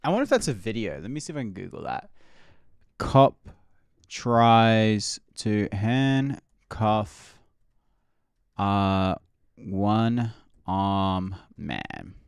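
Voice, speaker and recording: A man's voice: on the low side, expressive, slow pace, long pauses, smooth, no echo, clean studio sound. A man streaming, reacting to memes in casual, rambling chat full of "like".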